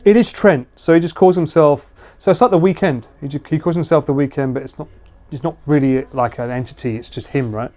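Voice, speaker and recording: A British man chats casually with viewers on a live stream from his house, joking and laughing a lot. His voice sits on the high side and sounds brisk and mellow.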